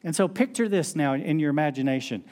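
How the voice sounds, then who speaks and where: A middle-aged man delivers a sermon like he's telling friends a story. His voice sits slightly high for a man, and he slips into acted-out quotes as he goes. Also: expressive, fast talker, darkish tone. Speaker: pastor.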